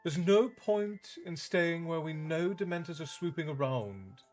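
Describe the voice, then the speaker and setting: A man's voice: on the high side, measured pace, a little mellow, faint music behind, voice pushed up, close to an everyday voice. A man voicing a bossy teenage witch girl. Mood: insistent. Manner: urgent, bossy.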